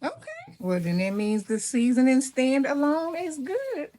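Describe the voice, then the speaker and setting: A woman's voice: high-pitched, big pitch swings, unhurried, warm tone. A woman from Mississippi with a Southern accent, chatting casually as a cooking vlog host and laughing often. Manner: chatty, laughs often, addresses viewers as y'all. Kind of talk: casual chat.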